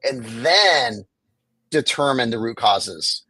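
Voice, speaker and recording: Speaking slowly but animatedly, this man's medium-pitched voice is bright and forceful with a breathy edge. He's a homelessness advocate guest in a conversational interview, arguing passionately and acting out officials, on a low-quality recording with no room sound.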